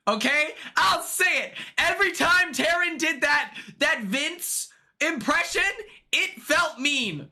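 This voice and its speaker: A young man chatting casually on a live stream, excitable and chatty, greeting viewers by name from his home. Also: extremely high pitch, unhurried.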